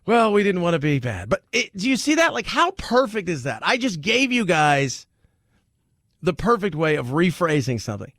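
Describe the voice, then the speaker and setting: A man hosting a talk radio show, chatting in a joking, animated way and laughing often. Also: high voice, moderate pace, no echo, studio quality. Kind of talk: casual talk radio monologue.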